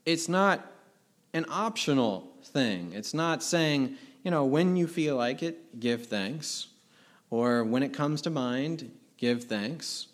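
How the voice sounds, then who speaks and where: A man's voice: a little high, expressive, slow pace. Earnest man preaching a sermon. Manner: earnest, emphatic preaching with rhetorical questions. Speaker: pastor.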